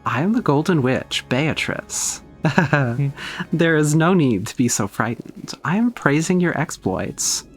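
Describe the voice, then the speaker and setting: A player putting on a grand golden witch who speaks in stately, theatrical, old-fashioned phrases. her pitch rises and falls in broad, lively sweeps, and faint music plays underneath. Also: takes it slowly. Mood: grandiose. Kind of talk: reading a visual novel aloud in character.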